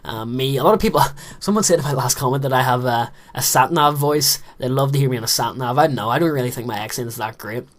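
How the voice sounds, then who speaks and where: A man's voice: mid-range voice, fast talker, hardly any pauses. Chatty teenage man rambling over gameplay. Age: late teens. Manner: rambling, chatty, self-deprecating. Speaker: gaming commentator. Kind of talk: casual gameplay commentary. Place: small closet room with a fan.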